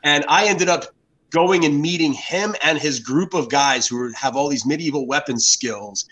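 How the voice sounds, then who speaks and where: A man in his fifties, a guest telling casual anecdotes over beers in an animated, profane way. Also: a little high, moderate pace, low-quality recording. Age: 50s.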